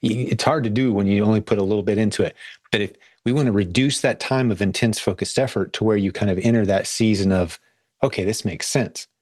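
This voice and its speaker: Male podcast host, low voice, dry close sound, eager and chatty with frequent restarts. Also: fast, darkish tone, dry recording. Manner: upbeat, restarts phrases often. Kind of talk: casual podcast chat.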